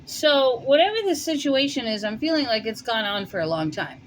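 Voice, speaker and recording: A woman's voice: a little high, animated, a little fast, slight background noise, poor audio. A woman with a New York accent giving a casual tarot reading, thinking aloud with plenty of fillers. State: warm and winded after shoveling. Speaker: tarot reader. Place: home in Colorado.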